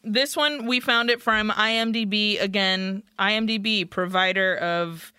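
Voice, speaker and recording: Bright-voiced chatty woman podcast host. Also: mid-range voice, steady tone, a little slow, clean tone, no echo, clean studio sound. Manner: chatty, switches into Spanish, swears casually. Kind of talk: casual chat.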